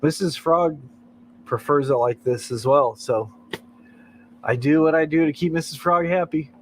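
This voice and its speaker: A man's voice: on the high side, a little slow, slight background noise, low-quality recording. An American man hosting a late-night livestream, chatting in a rambling way and chuckling often between thoughts. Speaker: livestream host. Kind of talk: casual chat.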